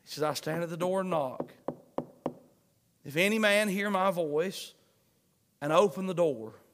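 A man preaching a sermon, fervent, swinging between shouts and hushed pleading. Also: high voice, measured pace. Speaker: pastor. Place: church sanctuary. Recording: long hall reverb.

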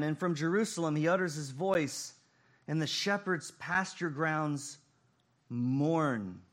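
Male pastor, slow deliberate sermon delivery, dramatic swings from loud to hushed. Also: a little high.

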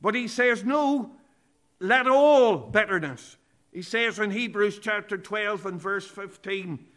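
A man's voice: sits high, bright, forceful tone. A man preaching a sermon, earnest and emphatic, quoting scripture word for word.

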